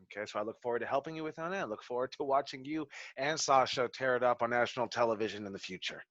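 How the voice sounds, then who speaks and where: A man coaching a wrestling class over a video call, telling stories in an animated, profane way. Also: mid-range voice, fast, no room sound, highs cut off. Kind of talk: online class, casual coaching talk.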